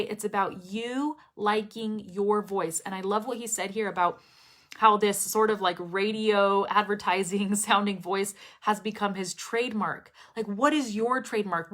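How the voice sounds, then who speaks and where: A young woman teaching English pronunciation, talking to her students in a live stream. She speaks very clearly and expressively and laughs often. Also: mid-range voice, fairly bright tone.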